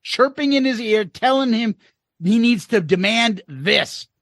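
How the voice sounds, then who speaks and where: Animated male podcast co-host. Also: very high-pitched, unhurried, dry recording. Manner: reads comments aloud with wry asides. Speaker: podcast co-host reading listener comments. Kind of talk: casual podcast chat.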